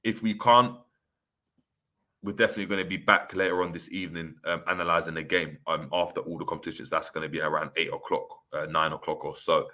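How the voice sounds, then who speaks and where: A man hosting a casual football livestream, chatty and relaxed with lots of fillers. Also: low-pitched, quick pace. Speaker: host.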